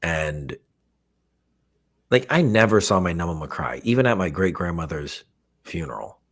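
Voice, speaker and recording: Deep-voiced man, reflective and halting. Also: big pitch swings. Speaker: guest. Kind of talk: casual chat.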